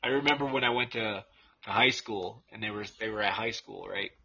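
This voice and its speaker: Profane, bright-voiced podcast co-host. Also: male voice, lowish voice, brisk, gravelly, breathy edge. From Massachusetts. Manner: profane, rambling storyteller, laughs often. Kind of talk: casual chat. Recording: dull lo-fi with faint noise.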